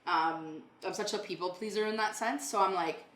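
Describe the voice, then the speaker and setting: A woman's voice: medium pitch, normal speed, fairly bright tone, reverberant. A woman hosting a podcast who tells stories bluntly and swears a lot. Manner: blunt storytelling, heavy swearing. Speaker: podcast host and renovation company owner. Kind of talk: casual podcast chat.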